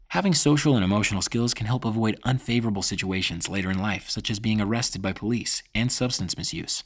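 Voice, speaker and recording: A man reading scripted informational narration about parenting in a measured, even tone. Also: on the low side.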